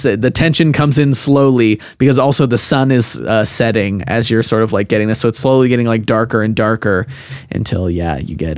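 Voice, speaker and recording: A man's voice: no echo, studio quality. A young man chatting casually about video games, rambling with lots of fillers and acting out lines. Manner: rambling, many fillers, acts out game lines in a high voice.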